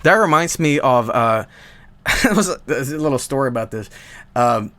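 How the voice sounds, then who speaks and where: A man's voice: mid-range voice, lively intonation, normal speed, fairly bright tone. A man with a thick Swedish accent rambling casually to his stream chat, profane and full of asides.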